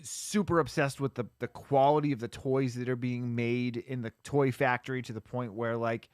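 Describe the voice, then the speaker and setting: A man co-hosting a podcast, casually recapping a movie plot in a rambling, animated way with lots of "like" and restarts. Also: mid-range voice, normal speed, smooth, no echo, clean studio sound. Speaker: podcast co-host.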